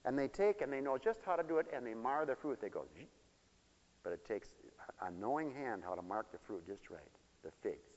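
A man preaching a sermon in a folksy storytelling way, dropping to low mutters and rising to loud high exclamations. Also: expressive, a little fast, few pauses. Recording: dull lo-fi broadcast with long hall reverb.

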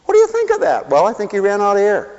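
A man preaching a humorous sermon with animated, theatrical storytelling in a large hall. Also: sits high, quick pace. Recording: dull sound with long hall reverb.

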